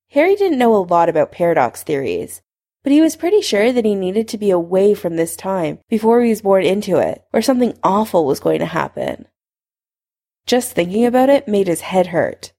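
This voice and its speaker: An expressive woman narrating a story in a conversational reading manner. Her voice sits at a middle pitch but rises and falls with lively range, carrying the inner thoughts of the tale. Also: normal speed. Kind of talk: audiobook narration of fan fiction.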